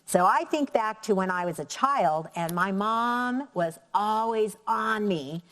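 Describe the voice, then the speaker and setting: Slow, clear woman teaching young children. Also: medium pitch, expressive, fairly bright tone, long reverb tail. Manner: slow, clear, counting out syllables. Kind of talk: elementary classroom lesson.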